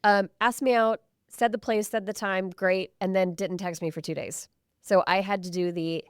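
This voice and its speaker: A woman's voice: mid-range voice, steady tone, normal speed, clean tone, no echo, clean studio sound. A woman co-hosting a podcast, telling dating stories in casual chat with blunt, profane humor. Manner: blunt, storytelling, swears freely. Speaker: podcast co-host. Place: Houston area.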